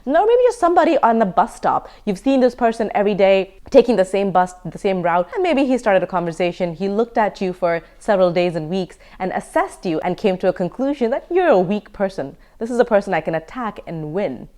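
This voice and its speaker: A woman in her thirties teaching self-defense in an emphatic, energetic lecture style. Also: mid-range voice, a little fast, hardly any pauses. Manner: emphatic, energetic, laughs now and then. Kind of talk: online course lecture.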